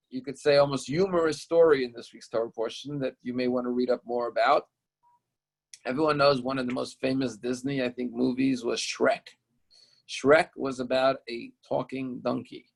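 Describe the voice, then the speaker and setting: A man's voice: mid-range voice, gravelly, low-quality recording. A male rabbi teaching a Torah lesson, retelling a story in an explanatory, storytelling way.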